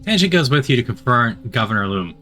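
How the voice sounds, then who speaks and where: A man reading a game playthrough aloud, quick with small stumbles and joking asides. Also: mid-range voice, big pitch swings, pushed and bright, faint music behind. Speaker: game narrator.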